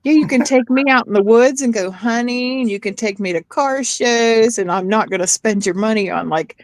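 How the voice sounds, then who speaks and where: A woman's voice: on the high side, moderate pace, no room sound. Chatty middle-aged woman telling stories. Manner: animated storyteller, acts out quotes. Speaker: chat participant. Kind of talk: casual chat.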